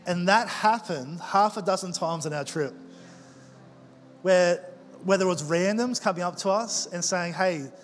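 A man preaching a sermon as pastor, telling stories in a conversational way with quick asides. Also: high voice. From Australia. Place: large church auditorium. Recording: long church hall reverb with faint music.

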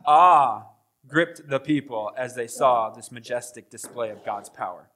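A man preaching a sermon as pastor, animated, acting out voices and swinging between loud bursts and hushed asides. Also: mid-range voice, unhurried. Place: church sanctuary.

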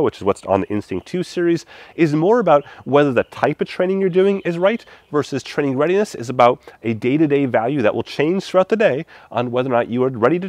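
Fast-talking congested man reviewing gadgets. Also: on the high side, dry recording. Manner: quick, animated explainer with casual fillers. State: stuffed-up, congested. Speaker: tech reviewer. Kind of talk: product walkthrough.

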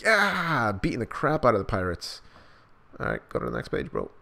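A man's voice: fairly low pitch, huge pitch swings, normal speed, vocal fry, bright, forceful tone. A man doing a live manga reaction, hyped and slangy, reading the dialogue in raised voices.

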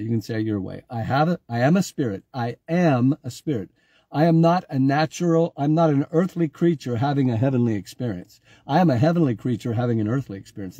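A man's voice: medium pitch, warm tone, no echo. A man giving an informal online sermon, talking conversationally, repeating himself and calling on viewers by name. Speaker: pastor.

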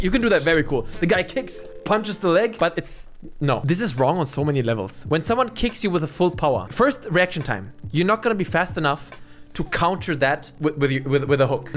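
A man doing casual reaction commentary in a blunt, scornful way, swearing freely. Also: a little high. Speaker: reaction streamer.

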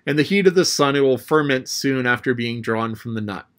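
A man reading a classic adventure novel aloud as an audiobook narrator, telling the story in a lively way. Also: a little fast. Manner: lively storytelling, raising his pitch for the boy's lines.

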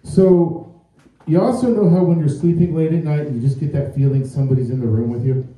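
Stand-up comic in a roomy club. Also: male voice, on the high side, fairly even intonation, a little fast, mellow. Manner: storytelling with acted-out quotes, asks crowd questions. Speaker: stand-up comedian. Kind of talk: stand-up comedy set. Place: comedy club stage. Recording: roomy and far from the mic.

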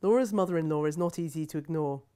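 A woman reads aloud from her own novel in a measured, wry manner. Her voice sits somewhat low for a woman. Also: warm tone. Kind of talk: literary reading aloud.

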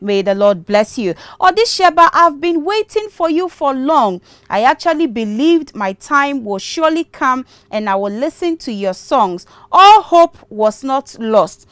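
Smooth, dry-sounding Ghanaian woman host. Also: sits high, very animated, a little slow, hardly any pauses, fairly bright tone, no echo. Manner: reads viewer messages aloud, blessing each sender. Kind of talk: church call-in show hosting.

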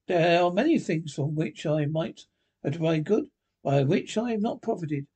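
A man voicing a cheerful, warm-hearted young man who speaks in a bright, eager, pleading way, with a husky voice. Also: fairly high pitch, animated, moderate pace. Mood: earnest.

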